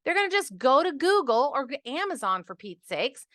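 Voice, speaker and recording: A middle-aged woman hosting a podcast, ranting in an animated, exasperated way and acting out patients in quoted asides. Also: high-pitched, normal speed, no echo, clean studio sound. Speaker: podcast host. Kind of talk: casual podcast monologue.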